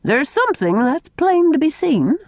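A woman reading an audiobook and voicing a brisk, kindly middle-aged farm wife who talks bluntly and calls people "dearie". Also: high-pitched, big pitch swings, a little mellow, dry recording, studio quality, pitched above the performer's own voice. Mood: concerned. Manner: blunt, homespun, fond "dearie".

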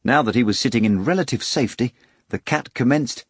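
A man reading a novel aloud as an audiobook narrator, expressive and ready to switch into character voices. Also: medium pitch, brisk, breathy edge, no room sound, studio quality. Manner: expressive storytelling with many voices.

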